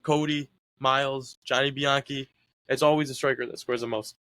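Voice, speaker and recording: Bright-voiced young man, easygoing. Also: mid-range voice, steady tone, normal speed, dry recording. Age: young adult. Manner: easygoing, rambling with many fillers. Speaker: guest, college soccer player. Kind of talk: casual interview talk.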